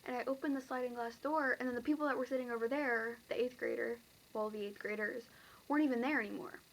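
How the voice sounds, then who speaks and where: A woman's voice: a little high, fairly even intonation, fast talker, creaky, low-quality recording. A teenage girl casually recounting a dream to camera, rambling and full of fillers. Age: teens. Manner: rambling, filler-heavy, breathless retelling.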